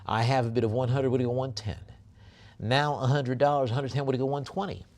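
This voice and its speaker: A man working as a live auctioneer, reading out lot descriptions and then rattling off fast bid calls. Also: medium pitch, fairly even intonation, darkish tone.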